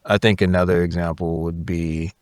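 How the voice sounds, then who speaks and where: Deep-voiced guy in his 30s on a podcast, animated storytelling, keeps saying right?, dry close mic sound. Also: normal speed, no echo. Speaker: podcast guest. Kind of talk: casual conversation, storytelling.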